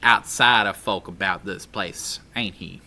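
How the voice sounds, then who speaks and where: A man's voice: low voice, unhurried, pushed and bright, exaggerated voice. A man voicing a boisterous frontier saloon bartender who talks in a folksy drawl and breaks into hammy outbursts. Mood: welcoming.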